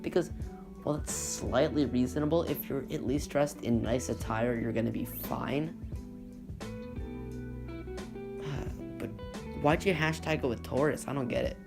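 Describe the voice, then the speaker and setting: A man's voice: medium pitch, very animated, measured pace, long pauses. Sarcastic man riffing over guitar music. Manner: sarcastic and incredulous, laughs at own jokes. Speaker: YouTuber reading and mocking Reddit posts. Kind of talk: casual comedic commentary.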